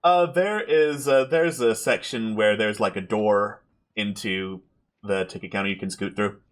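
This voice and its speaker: A man narrating as game master of a tabletop game, relaxed with frequent fillers. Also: lowish voice, unhurried.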